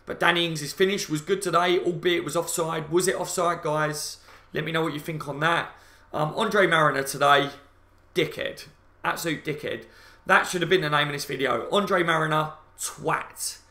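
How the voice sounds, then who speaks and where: Angry ranting football fan, echoey room. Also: male voice, on the high side, fairly even intonation, fairly quick, sharp tone. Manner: angry, sweary, repetitive ranting; addresses viewers as guys, reads out chat comments. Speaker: football fan channel host. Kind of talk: live fan reaction rant.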